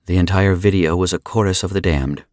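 A man with a very deep voice reading an audiobook in a grave, measured style. The recording is dry and close, with no room sound. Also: steady tone, a little mellow, no echo. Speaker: audiobook narrator. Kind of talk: scripted narration.

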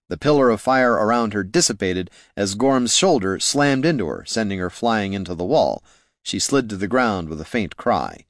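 A man reading a fantasy story aloud as an expressive, measured audiobook narrator. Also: mid-range voice, no room sound, studio quality. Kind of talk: scripted narration.

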